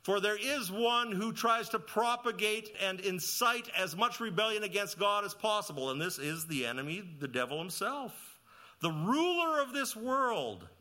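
A man preaching a sermon, asking the listeners questions and reading scripture, rising to loud emphatic peaks and dropping to quiet low passages. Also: normal speed, hardly any pauses. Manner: asks the listeners questions and reads scripture aloud. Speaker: pastor.

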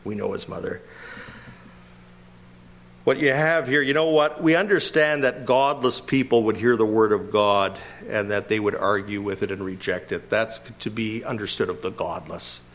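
A man's voice: on the low side, fairly even intonation, normal speed, hardly any pauses, a bit bright. A man preaching an expository sermon, emphatic and full of rhetorical questions. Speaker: pastor.

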